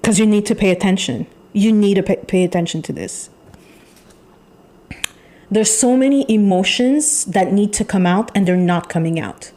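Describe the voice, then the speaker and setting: A woman giving a channeled tarot reading, talking in an emphatic, repetitive way with pauses and sighs. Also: mid-range voice, warm tone. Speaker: tarot reader.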